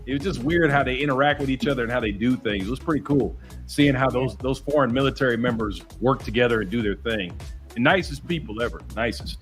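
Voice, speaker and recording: A man's voice: mid-range voice, quick pace, faint music behind. An American man hosting a livestream, chatting casually and rambling through stories with lots of fillers. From United States. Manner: laid-back, rambling storytelling with many fillers. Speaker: livestream host. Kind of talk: casual chat.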